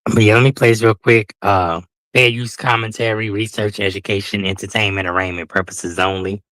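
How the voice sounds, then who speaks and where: A man's voice: lowish voice, fairly even intonation, fairly quick, fairly bright tone, no room sound. A man hosting a casual livestream, talking in a sassy, drawling way and calling his listeners honey and child. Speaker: livestream host.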